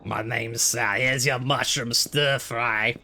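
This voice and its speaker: A man putting on the voice of a gruff, overworked male diner cook, talking slow and loud in a gravelly drawl with a sore throat. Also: mid-range voice. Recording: steady background noise.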